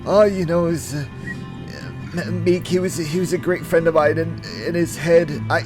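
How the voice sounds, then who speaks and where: A man's voice: a little high, fairly even intonation, normal speed, over music, voice pushed up, close to an everyday voice. A man voicing a grieving male cult guard who stammers and rambles through tears.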